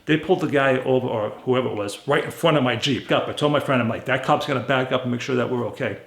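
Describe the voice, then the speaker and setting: Gravelly man telling a blunt story. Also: medium pitch, fast. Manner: blunt, animated retelling with quoted dialogue. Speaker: car flipper vlogger. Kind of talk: casual storytelling. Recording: roomy echo.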